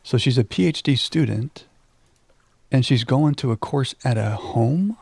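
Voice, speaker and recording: A man's voice: medium pitch, expressive, unhurried, gravelly, darkish tone, breathy edge, dry recording. A young man from Texas reading game text aloud and chatting casually with viewers as he plays. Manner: reads on-screen text aloud, then chats with viewers. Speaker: streamer.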